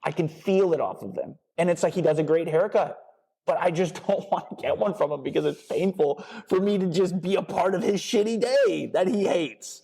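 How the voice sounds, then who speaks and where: A man in his thirties talks through a fitness podcast in a blunt, fired-up way, swearing often and hammering points by repetition. His voice sits a little high yet sounds mellow and relaxed. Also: moderate pace, gravelly, husky. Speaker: podcast host and personal trainer. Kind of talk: casual motivational podcast talk.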